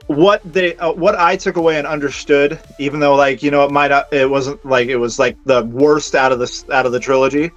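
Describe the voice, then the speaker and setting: A man's voice: fairly high pitch, steady tone, a little fast, few pauses. A man co-hosting a casual movie review podcast, speaking hesitantly and rambling through restarts. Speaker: podcast co-host. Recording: slightly dull lo-fi audio with faint music.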